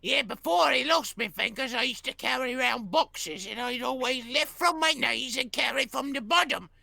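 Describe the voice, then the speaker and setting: A player voicing a bumbling male royal cook in a rough, folksy put-on voice, in a tabletop game. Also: extremely high pitch, moderate pace, sharp tone, dry recording, exaggerated voice. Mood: boastful. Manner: rough folksy drawl, says "me ears".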